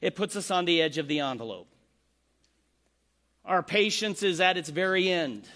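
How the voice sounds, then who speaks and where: Guy preaching a sermon, kinda high voice, really animated, acts out the quotes. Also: normal speed. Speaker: pastor.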